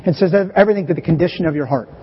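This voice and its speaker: A middle-aged pastor preaching a conversational, animated sermon to his church. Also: fairly high pitch, racing, breathy edge. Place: church sanctuary. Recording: dull, hazy recording with long church reverb.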